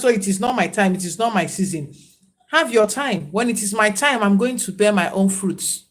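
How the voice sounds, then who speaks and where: A woman hosts a livestream and talks in a casual, reflective way. Her voice sits at an ordinary middle pitch. She sounds preachy and speaks straight to the people watching. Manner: reflective, preachy, greets viewers by name. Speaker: livestream host.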